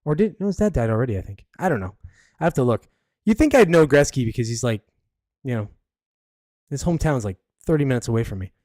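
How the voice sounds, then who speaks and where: A man's voice: medium pitch, very animated, fast, a little mellow, no room sound, clean studio sound. A man hosting a podcast, rambling bluntly with plenty of fillers. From Canada. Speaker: podcast host. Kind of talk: casual solo commentary.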